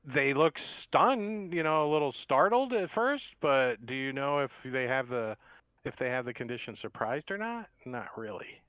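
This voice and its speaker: A man runs a tabletop session as game master, his voice rising and falling in a lively sweep as he rambles through each scene. He sounds dry and tinny, as if heard over a phone line. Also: mid-range voice, moderate pace, dry recording. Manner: rambling, laid-back scene narration.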